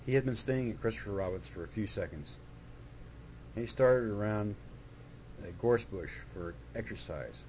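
A man gently reading a children's storybook aloud in a soft, unhurried way. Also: lowish voice, animated, a little hiss or hum, rough recording. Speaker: narrator.

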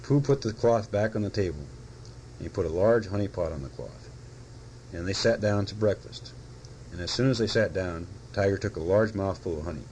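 A man reading a children's storybook aloud in a gentle, unhurried way. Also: deep voice, a little hiss or hum, poor audio.

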